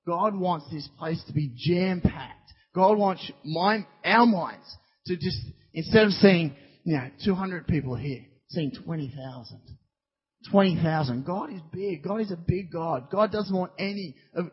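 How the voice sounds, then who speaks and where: A man preaching a sermon in a church hall, impassioned, swinging between loud declarations and hushed asides. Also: high-pitched, measured pace, slightly rough. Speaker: pastor. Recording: dull recording in a long-reverb hall.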